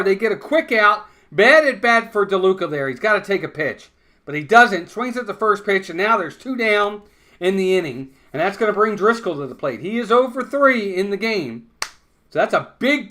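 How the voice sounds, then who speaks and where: A man with a high, bright voice calling a baseball game play-by-play. He talks conversationally between pitches, breaks down strategy plainly, and gets loud and blunt when a play goes wrong. His tone stays lively and sharp throughout. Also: moderate pace. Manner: conversational, excitable on big plays, blunt criticism. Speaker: fan play-by-play commentator. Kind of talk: live baseball play-by-play commentary.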